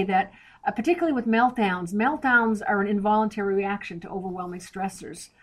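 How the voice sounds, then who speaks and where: Woman, podcast guest, direct, explanatory, mid-pitched voice. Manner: direct, explanatory, lists steps plainly. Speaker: interview guest, author. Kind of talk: podcast interview.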